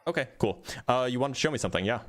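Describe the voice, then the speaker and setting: A man hosting an online debate, calmly asking short probing questions and repeating them. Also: mid-range voice, rapid-fire. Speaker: debate streamer host.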